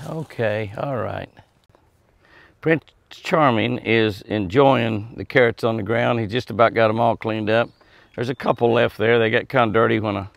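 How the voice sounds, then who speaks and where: A folksy man with a gravelly edge to his voice, coaxing deer to come eat out of his hand. His words sound dry and close, with no room around them. He chats easily to the animals and to his viewers. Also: mid-range voice, dry recording. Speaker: deer ranch vlogger. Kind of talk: casual talk to animals and viewers. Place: outdoors at a deer pen.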